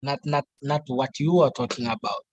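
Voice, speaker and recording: A man's voice: medium pitch, steady tone, moderate pace, no echo, poor audio. A man speaking as a student in an online class, answering politely and calling the teacher sir. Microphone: video call.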